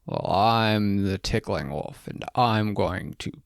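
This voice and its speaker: Guy reading a bedtime story doing a gruff stubborn tickling wolf, gravelly, kinda slow. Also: lowish voice, no echo, clean studio sound. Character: sly male tickling wolf, playful and stubborn.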